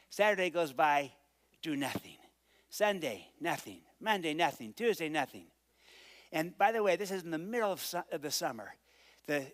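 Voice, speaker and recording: A man on stage telling a personal story to an audience. His voice sits a little high for a man. He acts out the dialogue with energy. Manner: animated storyteller acting out dialogue. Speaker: speaker. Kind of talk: storytelling speech.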